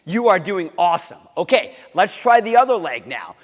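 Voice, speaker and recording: A man's voice: sits high, big pitch swings, normal speed. A man teaching a karate lesson to kids, upbeat and encouraging, calling out chants and drill counts. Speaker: martial arts instructor. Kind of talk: kids' karate lesson to camera. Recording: long hall reverb.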